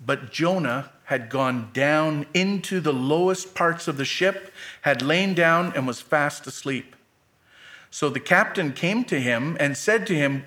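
A man's voice: on the high side, expressive, measured pace, bright, forceful tone. A middle-aged man preaching a sermon, reading scripture aloud with dramatic lifts for quoted lines and adding plain asides.

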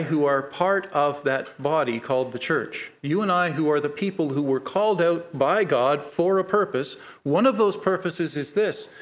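Man preaching an earnest sermon. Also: fairly high pitch. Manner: measured, earnest preaching with slowed emphasis. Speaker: pastor.

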